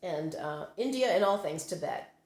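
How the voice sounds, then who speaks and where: Holding her phone to record, this psychic medium vlogger meanders through personal anecdotes, correcting herself and using plenty of fillers. She speaks at normal speed in a fairly low, expressive, darkish voice that sounds roomy.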